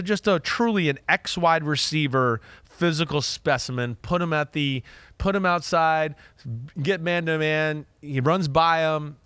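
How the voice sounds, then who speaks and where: A man hosting a casual football talk show, breaking down players in an animated, emphatic way and often tagging "right?" onto his points. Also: on the high side, clear, resonant tone, dry recording. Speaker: podcast host, former quarterback. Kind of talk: casual football analysis chat.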